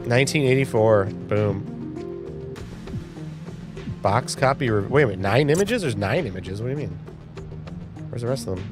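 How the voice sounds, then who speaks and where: A man in his forties riffs casually on a live stream and jokes with the chat. He has a mid-range voice, and clear music plays in the background. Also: medium pitch, lively intonation, moderate pace, long pauses. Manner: chatty, playful, reacts to viewer comments. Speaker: livestream host.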